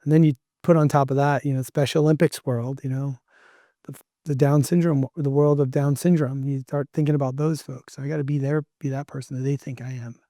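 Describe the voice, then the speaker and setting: A man's voice: medium pitch, steady tone, a little fast, dark tone, dry recording, clean studio sound. A middle-aged man, a podcast guest, talking earnestly and emphatically like a motivational speaker. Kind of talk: casual interview talk.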